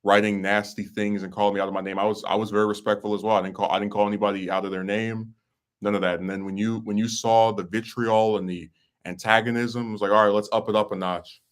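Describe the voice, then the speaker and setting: A man's voice: lowish voice, flat delivery, quick pace. A young man hosting a podcast, ranting in a blunt, sarcastic, exasperated way. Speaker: podcast host. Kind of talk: casual chat.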